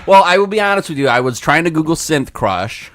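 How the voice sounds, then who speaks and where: Casting: animated man with a bright, sharp tone, giggly podcast banter. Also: on the high side, fairly quick, dry recording, studio quality. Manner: giggly, animated, laughs often. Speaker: podcast co-host. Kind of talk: casual crude banter.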